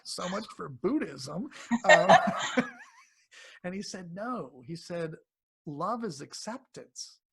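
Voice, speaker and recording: A man being interviewed as a health coach, speaking casually and acting out quotes in animated voices. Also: sits high, slow pace, creaky, noisy background. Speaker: cancer coach guest.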